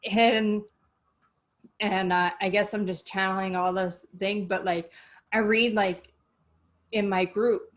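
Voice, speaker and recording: A woman hosting a podcast in casual chat, earnest and rambling, easily moved. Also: lowish voice. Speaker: podcast host.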